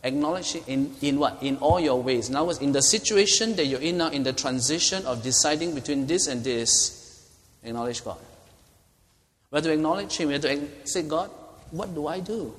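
A middle-aged pastor leads a Bible study in a chatty teaching manner, pausing often to ask "okay?". His voice sits at an ordinary male pitch. The sound carries a long reverb from a church hall. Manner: conversational, frequent "okay?" check-ins.

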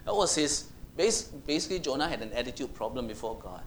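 A man preaching a sermon in an animated way, asking the congregation questions and acting out Bible voices. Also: mid-range voice, fast, slight background noise.

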